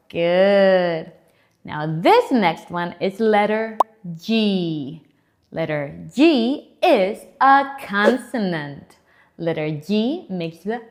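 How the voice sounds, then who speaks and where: A woman teaching English letter sounds to young children, speaking slowly and clearly, with exaggerated letter sounds and lots of encouragement. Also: mid-range voice, big pitch swings. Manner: encouraging, repeats and invites kids to join in. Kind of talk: children's phonics lesson.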